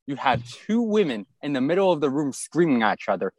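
A young man telling an exaggerated comic story from high school in a casual chat. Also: sing-song, a little fast.

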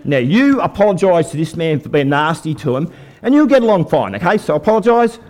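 A man's voice: fairly high pitch, a little fast. An older Australian man telling a folksy faith story as a preacher to a live church audience. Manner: folksy storytelling, lively with the crowd. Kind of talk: testimony sermon.

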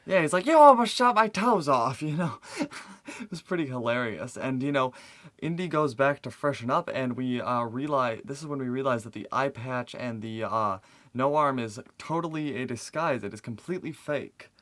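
A man's voice: mid-range voice, moderate pace, a bit bright, no echo. Agreeable male podcast co-host, dry sound. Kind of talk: casual chat.

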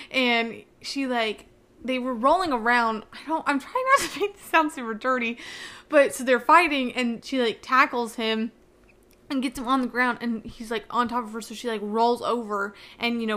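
A young woman with a slightly raised pitch talks through a book plot in a loose, excitable way. She keeps dropping "like" and "you know" into her sentences as she rushes ahead. She tries hard not to give away spoilers. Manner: chatty, heavy use of "like" fillers. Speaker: book reviewer. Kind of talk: casual book recap.

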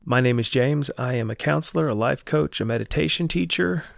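A man hosting a solo podcast, speaking in a reflective, earnest and measured way, with a slightly stuffy voice from a stomach bug. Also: mid-range voice, gravelly, no room sound, clean studio sound. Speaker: podcast host and counselor.

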